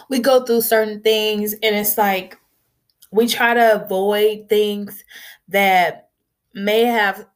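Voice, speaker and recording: A young woman vlogger talking candidly and earnestly in a conversational way, with frequent filler phrases. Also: medium pitch. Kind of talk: candid personal talk.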